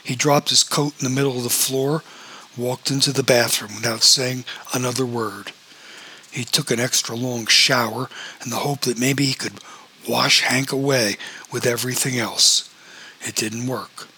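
A man narrating a novel as an audiobook, in a steady storytelling manner. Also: mid-range voice, normal speed, husky, low-quality recording.

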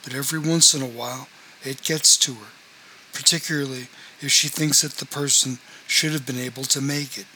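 A man's voice: mid-range voice, steady tone, brisk, bright, forceful tone, a little hiss or hum, poor audio. A man reading a novel aloud, voicing a confrontational man who lays down rules for his housemates in a firm, demanding way. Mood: earnest.

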